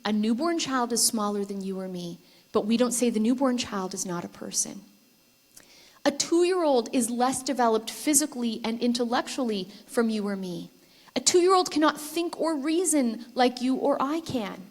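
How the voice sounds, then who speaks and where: High-pitched woman presenter, engaging storyteller who quizzes the crowd at a conference. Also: animated, moderate pace. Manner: engaging, asks the audience questions. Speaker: conference speaker. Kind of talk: persuasive talk with storytelling. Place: conference hall with live audience.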